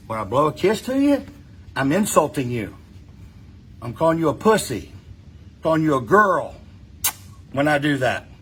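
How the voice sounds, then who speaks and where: A man's voice: a little high, fairly bright tone, breathy edge. A middle-aged man, ranting to his followers in a blunt, profane, mocking way, rambling and restarting as he goes. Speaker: street racer ranting on his own page. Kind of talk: casual unscripted rant.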